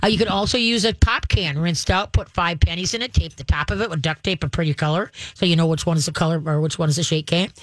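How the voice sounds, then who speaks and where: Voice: mid-range voice, fast, hardly any pauses, dry recording, rough recording. A radio host and dog trainer from Minnesota giving call-in advice in a chatty way, full of fillers and restarts. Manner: lively, acts out owner and dog voices.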